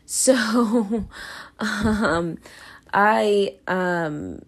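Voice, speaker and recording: A woman's voice: mid-range voice, drawn-out words. A young woman hosting her own podcast, talking through her feelings in a rambling, self-conscious way full of fillers and restarts. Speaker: podcast host. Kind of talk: casual confessional monologue.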